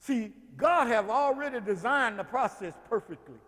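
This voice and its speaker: A man pastor preaching a sermon in a folksy way, swinging from hushed talk to shouts. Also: extremely high pitch, animated, moderate pace, hardly any pauses, long reverb tail.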